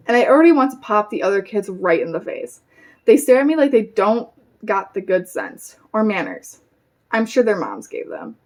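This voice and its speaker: A woman reading a novel aloud in a plain, unhurried way, with occasional stumbles. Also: mid-range voice, darkish tone. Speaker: reader.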